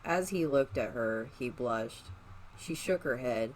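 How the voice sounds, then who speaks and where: Guy casually reading a fanfic out loud, medium voice, a little hiss in the background. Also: mid-range voice, animated, slow, poor audio. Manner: casual, unpolished reading with fillers. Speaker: narrator. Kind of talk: reading fan fiction aloud.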